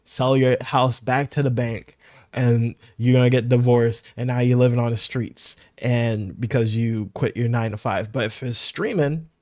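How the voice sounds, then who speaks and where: A man's voice: mid-range voice, no echo. A man talking casually over a clip he is reacting to, teasing and goofing around with mock voices. His voice sits in a middle register. The sound is dry and close, with no room around it. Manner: animated, mocking voices for imagined streamers. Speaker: reaction streamer.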